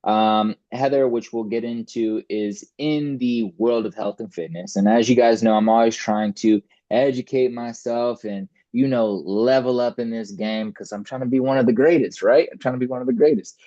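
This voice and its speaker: A man's voice: mid-range voice, fairly even intonation, moderate pace, few pauses, warm tone, dry recording, highs cut off. A man hosting a casual fitness podcast interview over a video call, upbeat and chatty, often addressing listeners directly. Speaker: podcast host and fitness coach.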